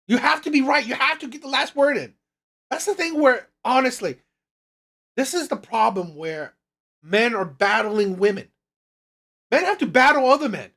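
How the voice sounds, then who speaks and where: A woman's voice: on the high side, fairly bright tone. A woman hosting her own commentary channel, giving blunt, emphatic opinions and repeating her points.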